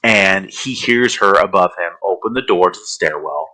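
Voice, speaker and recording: Guy on a horror podcast rambling through a movie recap, lowish voice but really bright and punchy. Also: normal speed, low-quality recording. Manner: rambling storytelling with fillers. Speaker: podcast co-host.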